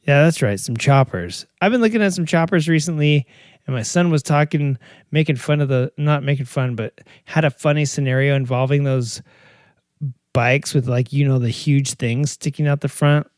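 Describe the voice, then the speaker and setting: Here a middle-aged podcast host speaks in a mid-range, slightly mellow male voice, captured as clean studio sound without any room sound. His monologue is casual and rambling, joking and self-deprecating, with many fillers and restarts.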